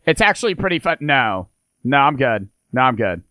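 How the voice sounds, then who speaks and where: A young man reacts to a video he is watching, chatty and full of joking asides. His voice is sharp and bright. The recording is dry and close. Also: medium pitch, sing-song, normal speed, no echo. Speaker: reaction streamer. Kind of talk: casual reaction commentary.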